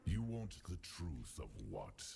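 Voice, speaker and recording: An actor playing a menacing ancient male demon in a video game, speaking in a deep gravelly whisper. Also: huge pitch swings, slow, warm tone, full character voice. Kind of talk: video game cutscene dialogue.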